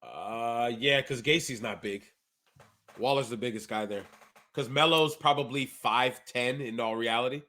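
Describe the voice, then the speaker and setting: A man co-hosting a casual wrestling podcast, animated and telling stories while sick. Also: mid-range voice, a little slow. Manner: animated storyteller, acts out quotes. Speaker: podcast co-host. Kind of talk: casual chat.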